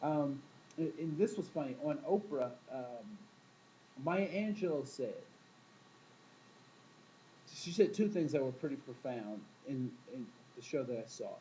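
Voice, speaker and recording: A man's voice: mid-range voice, expressive, a little slow, pauses often, dark tone, dull audio, slight background noise. A man teaching a class in a casual, storytelling way, often asking the room questions and acting out quoted voices. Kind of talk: classroom talk to students.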